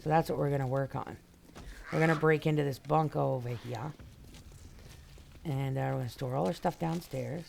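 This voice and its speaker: Gravelly-voiced woman chatting on a game stream. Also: a bass voice, fairly even intonation, normal speed, long pauses, a little mellow, slight background noise. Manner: chatty, rambling, greets viewers by name. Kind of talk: casual live-stream chat while playing.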